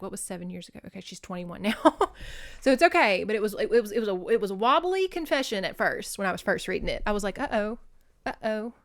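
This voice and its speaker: A woman, hosting a casual book recap podcast. She talks in an animated way and slips into exaggerated voices whenever she quotes the characters. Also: medium pitch. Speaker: podcast host.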